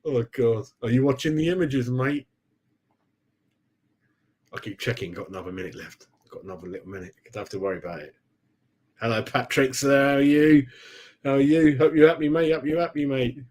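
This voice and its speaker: A man's voice: mid-range voice, fairly quick, long pauses, a little mellow. A man hosting a football fan channel, chatting on a live stream in a rambling, easygoing way, laughing often and calling his viewers mate. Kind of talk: casual live-stream chat.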